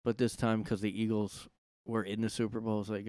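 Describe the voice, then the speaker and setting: Guy from south jersey rambling into his mic at home, smooth clear voice, lots of uhs and likes, super dry sound. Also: fairly low pitch, level tone, a little fast, warm tone, dry recording. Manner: rambling, filler-heavy and jokey. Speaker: podcast host. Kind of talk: casual solo monologue. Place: his own room.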